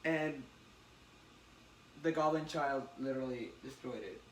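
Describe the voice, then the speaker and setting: A man casually recapping a comic story with a friend. He talks in halting bursts and acts out the characters' lines. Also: medium pitch. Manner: excited, halting retelling with acted quotes. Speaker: podcast co-host recapping a comic. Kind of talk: casual chat. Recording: roomy, distant mic with faint hiss.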